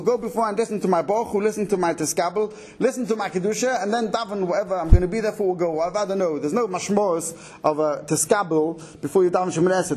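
A man teaching a halacha class at a quick clip, his voice pitched fairly high. He explains in an animated way, laying out cases and questions. His tone has a husky edge. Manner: fast, animated explaining with Yiddish-English Torah terms. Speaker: Torah teacher.

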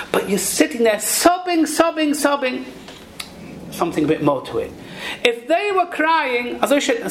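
A man preaches a Torah lesson in a lilting, sing-song cadence, his pitch rising and falling widely as he poses questions and answers them himself. He drops Hebrew and Yiddish phrases into his teaching. A faint hiss of noise sits beneath the voice. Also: fairly bright tone, poor audio. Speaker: rabbi giving a Torah talk. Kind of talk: Torah sermon.

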